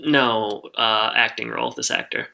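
A male podcast co-host in loose, casual conversation, with a very bright, forceful and tense tone. His speech is wry and full of self-interruptions and quick jokes, and he sits at a middle pitch for a man. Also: fairly even intonation, gravelly. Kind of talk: casual chat recapping a TV episode.

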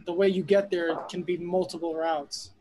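Male co-host, high voice, quick interjections. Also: level tone, dark tone, slight background noise. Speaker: podcast co-host.

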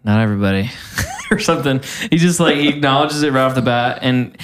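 A man's voice: fairly high pitch, fairly quick, a bit bright. A man co-hosting a casual podcast, talking in a rambling, hesitant way. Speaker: podcast co-host.

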